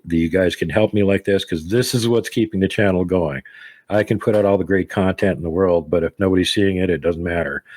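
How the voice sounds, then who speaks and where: Host: American man with a low voice, rambling and self-deprecating, dry close sound. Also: a little mellow, no room sound. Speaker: podcast host. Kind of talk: casual chat.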